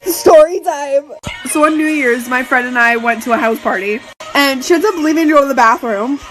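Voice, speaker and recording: A woman's voice: sits high, moderate pace, over music. A woman telling a casual storytime anecdote, animatedly acting out her friends' lines.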